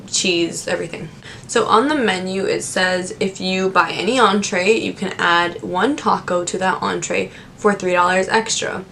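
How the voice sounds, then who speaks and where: A woman's voice: lowish voice, gravelly, slight background noise. Chatty young woman telling work stories. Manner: chatty, animated retelling with many fillers. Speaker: vlogger. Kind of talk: casual storytelling to camera.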